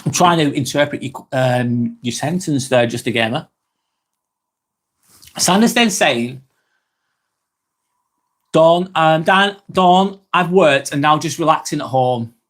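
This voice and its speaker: A man's voice: fairly high pitch, lively intonation, slow pace, pauses often, fairly bright tone. A man hosting a live stream, reading viewers' comments aloud and chatting back in a casual, rambling way. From England.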